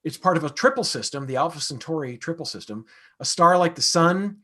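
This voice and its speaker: A man with a somewhat high voice talks through astronomy questions in a relaxed lecture style. He explains things conversationally, often pausing on fillers and restarting his sentences as he thinks aloud. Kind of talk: casual lecture question-and-answer.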